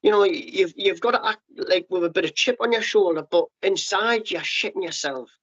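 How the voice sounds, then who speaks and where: Man, middle-aged, slightly high, blunt and sweary storyteller, muffled podcast sound. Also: fairly bright tone, slightly rough. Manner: blunt and sweary, rapid restarts, acts out quoted voices. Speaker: podcast guest, former paratrooper. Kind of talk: candid storytelling interview.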